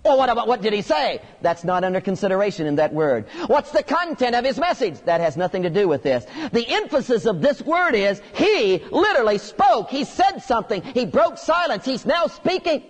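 A man preaching an expository sermon in a lively, conversational way, with sudden emphatic bursts. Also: very high-pitched, brisk, hardly any pauses, long reverb tail.

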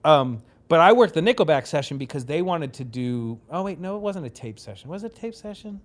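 Male podcast co-host; loose, profane, animated anecdote-teller in casual conversation. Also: fairly high pitch, a little fast. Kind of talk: casual storytelling chat.

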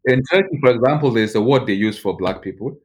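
A man's voice: medium pitch, expressive, fast talker, a little mellow. A young man with a Nigerian accent, a journalist, recounting his experiences casually with lots of "like" and restarts. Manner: loose, full of "like" and restarts. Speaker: journalist interviewee. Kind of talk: casual personal storytelling.

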